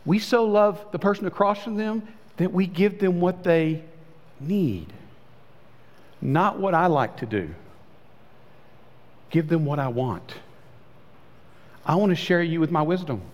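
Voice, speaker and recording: A pastor preaching a sermon in a conversational way, his voice swinging between high and low. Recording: long hall reverb.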